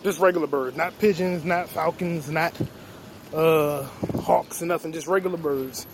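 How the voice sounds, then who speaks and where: A man's voice: fairly high pitch, steady tone, moderate pace. A young man hosting a casual vlog outdoors on a city street, rambling and swearing as he jokes to himself. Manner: rambling, profane, joking to himself. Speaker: podcast host. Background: street traffic noise.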